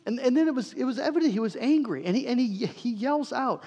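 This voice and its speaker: A man's voice: very high-pitched, a little fast, few pauses, darkish tone, big-room sound. A man preaching a sermon as pastor, earnest and emphatic, often repeating words for stress.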